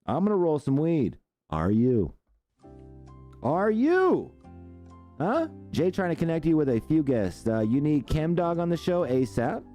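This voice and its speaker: A man's voice: on the high side, sing-song, moderate pace, mellow, faint music behind. A man hosting a live stream, chatting loosely and profanely while he reads out viewer comments. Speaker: show host.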